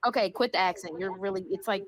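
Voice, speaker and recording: A woman trades sassy, dramatic jabs with the other players in an online game roleplay. Her voice sits at an ordinary middle pitch. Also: quick pace.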